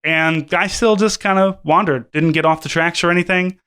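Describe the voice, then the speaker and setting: Bright, clear-voiced rambling man. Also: on the high side, fairly even intonation, moderate pace. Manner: rambling, profane, many fillers and restarts. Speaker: podcast co-host. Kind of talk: casual podcast chat.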